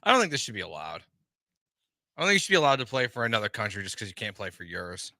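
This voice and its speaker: A male sports radio co-host who makes dry, joking remarks. His pitch moves in a lively way and his tone is bright and forceful. The sound is close and dry, as in a studio. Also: fast talker, dry recording. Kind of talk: sports talk radio banter.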